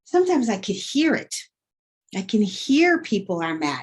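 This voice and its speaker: Slow-talking husky woman teacher. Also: on the high side, big pitch swings, poor audio. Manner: acts out emotions with dramatic quoted lines. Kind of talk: classroom vocabulary lesson.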